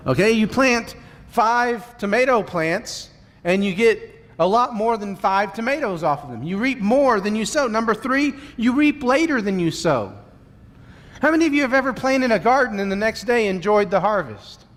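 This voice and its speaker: Male preacher, high voice, measured and repetitive delivery, long church reverb. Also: animated, fairly bright tone. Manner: measured, repeats key points, asks the congregation questions. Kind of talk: sermon. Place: church sanctuary.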